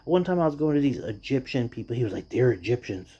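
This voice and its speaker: A man rants about his job in a loose, profane storytelling style, jumping into mocking impressions of others. His voice is dark and mellow, and the recording sounds somewhat dull and lo-fi. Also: medium pitch, very animated, quick pace, breathy edge. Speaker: podcast or vlog host venting about work. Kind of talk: casual rant.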